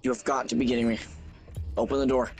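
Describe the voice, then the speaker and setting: A man's voice: mid-range voice, little pitch movement, fast talker, darkish tone, soft background music. A young man chatting casually while gaming at home, rambling and breaking into dramatic outbursts. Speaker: gamer.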